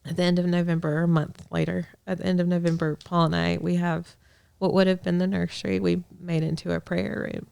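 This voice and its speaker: A young adult woman sharing a heartfelt faith testimony as a guest in a conversation, earnest, with soft laughs and restarts. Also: fairly low pitch, level tone, a little fast, creaky, few pauses, clean tone. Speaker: podcast guest, ministry director.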